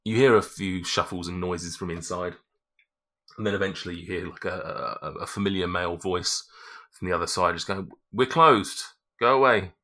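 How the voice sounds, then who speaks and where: A man's voice: deep voice, fairly even intonation, fairly quick, fairly bright tone. A man narrating a tabletop game as game master, rambling with restarts. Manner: rambling, lots of fillers and restarts.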